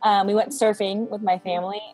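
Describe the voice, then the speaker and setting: A woman's voice: medium pitch, little pitch movement, brisk, darkish tone, soft background music. A woman in her twenties, a guest in a faith interview, chatting casually and peppering her speech with "like" and "um". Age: 20s. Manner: chatty, frequent "like" and "um".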